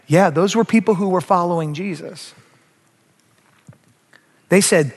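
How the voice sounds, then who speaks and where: A male pastor delivers a sermon in a rather high voice. He is animated and often speaks straight to his listeners. His words ring out with the long reverb of a large hall. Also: measured pace, pauses often. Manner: animated, acts out quoted voices, addresses the crowd directly. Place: church sanctuary.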